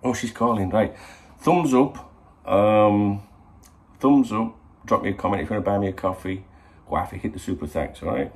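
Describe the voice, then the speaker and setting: In a casual morning vlog addressed to the camera, a middle-aged football channel host rambles and chats with plenty of swearing. His voice is gravelly and fairly low in pitch, at a normal speed.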